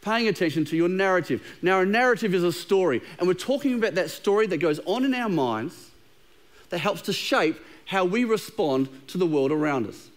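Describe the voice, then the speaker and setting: Casting: man, middle-aged, high voice, easygoing preacher who jokes and trips over words. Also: lively intonation, moderate pace. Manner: conversational and humorous, with frequent repeated words. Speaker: pastor. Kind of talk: sermon. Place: church auditorium with a live congregation.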